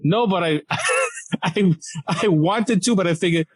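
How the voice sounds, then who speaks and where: Here the comedian guest, a young man from Malaysia, has a voice that sits high with a breathy edge and a measured pace. Telling a story on a podcast, he's animated and acts out the voices of the doctors and nurses involved. The recording is low-quality.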